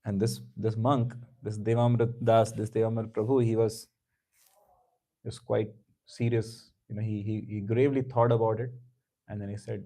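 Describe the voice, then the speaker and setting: A man's voice: fairly low pitch, level tone, moderate pace, dark tone, poor audio. A man teaching a scripture class, telling a story conversationally with many asides and chuckles. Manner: conversational, lots of "you know", chuckling.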